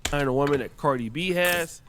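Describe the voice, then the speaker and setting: A man's voice: on the high side, normal speed, fairly bright tone, slight background noise. A man hosting a reaction show, narrating gossip news and reading comments aloud. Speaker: host.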